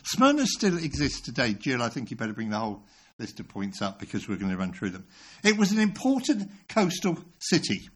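A man in his sixties preaching a sermon, telling a story with animated delivery and self-deprecating humor. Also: medium pitch, a little fast, husky.

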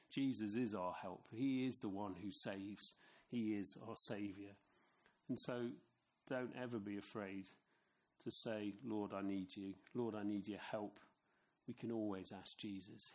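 A middle-aged man from England preaching a sermon in a chatty, storytelling way, with asides to his listeners. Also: lowish voice. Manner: conversational, anecdotal, with asides to the congregation.

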